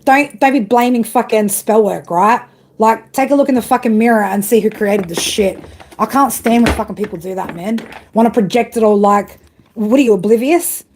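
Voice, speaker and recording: A woman's voice: a little high, moderate pace, darkish tone, slight background noise. A woman doing a live-stream tarot reading, ranting bluntly with heavy swearing and chatting to viewers. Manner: blunt, heavily profane ranting. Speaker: tarot reader.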